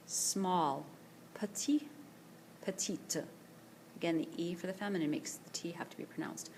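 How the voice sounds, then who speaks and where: A woman teacher recording a screencast vocabulary lesson, speaking slowly and carefully and repeating each word for pronunciation practice. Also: lowish voice, darkish tone, slight background noise. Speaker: French teacher. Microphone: tablet screencast voice-over.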